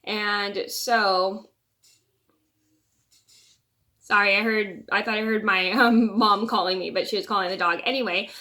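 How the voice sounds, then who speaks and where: A woman's voice: medium pitch, steady tone, normal speed, bright, forceful tone. A young woman vlogger telling a personal story in a casual, rambling way, often restarting and repeating words.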